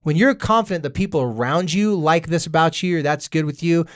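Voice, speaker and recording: A man in his thirties, a therapist co-hosting a podcast, talking in a lively, jokey way and acting out quoted voices. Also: a little high, a little fast, dry recording, studio quality. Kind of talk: casual podcast chat.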